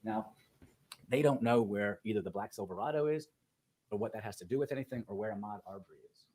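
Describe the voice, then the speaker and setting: A man, a defense attorney, giving an opening statement in court and walking through events step by step in a measured way. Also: fairly low pitch, animated, mellow, breathy edge, poor audio. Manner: measured, methodical walkthrough of events.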